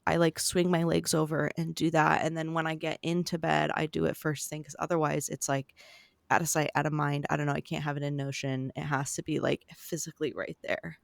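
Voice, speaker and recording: Gravelly-voiced woman chatting on a podcast. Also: low-pitched, level tone, brisk, no echo. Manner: chatty, upbeat, fillers and asides. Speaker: podcast host. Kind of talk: casual podcast chat.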